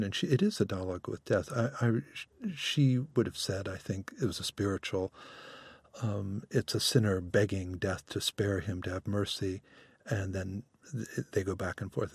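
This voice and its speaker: Low, husky-voiced male guest. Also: moderate pace, dry recording. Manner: hesitant, restarts phrases, earnest. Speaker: interview guest. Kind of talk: radio interview conversation.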